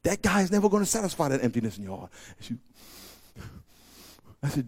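A man's voice: medium pitch, normal speed, pauses often. A man preaching a sermon, telling stories and joking with his listeners. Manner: animated storytelling, joking with the audience. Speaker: pastor.

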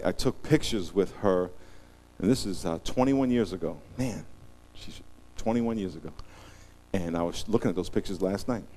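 A middle-aged man preaching a sermon as pastor, telling humorous stories and acting out scenes with big vocal swings. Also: sits low. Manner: animated, joking storyteller who acts out scenes.

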